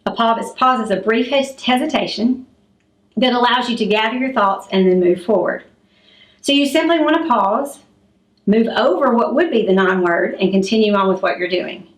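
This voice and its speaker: A woman's voice: on the high side, animated, normal speed. Woman teaching in an echoey classroom. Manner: clear and demonstrative, acting out examples. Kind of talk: classroom lesson on public speaking. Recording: echoey room.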